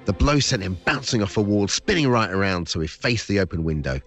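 Brief: low-pitched male author, animated storybook reading, faint music underneath. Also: fairly quick. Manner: lively, chatty asides. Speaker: children's author. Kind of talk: reading his children's book aloud.

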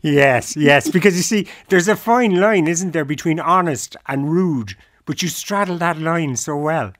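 Teasing radio host, dry sound. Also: male voice, fairly high pitch, unhurried, fairly bright tone, no room sound. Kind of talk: radio interview.

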